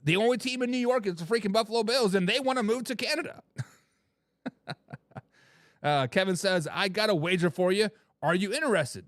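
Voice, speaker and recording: A man with a fairly high voice hosts a casual sports talk stream, reading viewer comments aloud and answering them in a relaxed, chatty way. He laughs easily and leans on the same stock phrases. The sound is close and dry, with no room echo. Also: a little fast, long pauses. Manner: laid-back, laughing often, repeats catchphrases. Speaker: sports talk show host.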